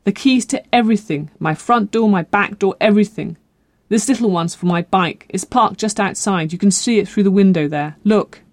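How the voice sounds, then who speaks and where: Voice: mid-range voice, normal speed, dry recording, close to an everyday voice. An audiobook reader voicing a desperate young woman caught shoplifting, breathless and pleading.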